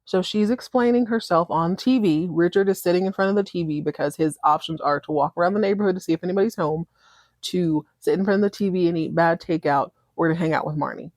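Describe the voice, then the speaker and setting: A woman host chatting casually through a TV episode recap, slangy and animated. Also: on the low side, fast, dry recording, studio quality. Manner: chatty, slangy, acts out characters. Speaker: podcast host.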